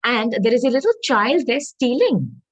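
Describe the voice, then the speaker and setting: A woman giving a tarot reading to viewers, earnest and reassuring, often pausing to hunt for the right word. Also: a little high, sing-song, poor audio. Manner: earnest, reassuring, searches aloud for words; addresses viewers as darling. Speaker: tarot reader.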